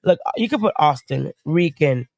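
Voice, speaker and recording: A woman's voice: low voice, normal speed, creaky, no room sound. A young woman chatting casually as a stream guest, blunt and profane, still getting over a cold. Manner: blunt, profane, animated storytelling. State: recovering from a cold. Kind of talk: casual chat.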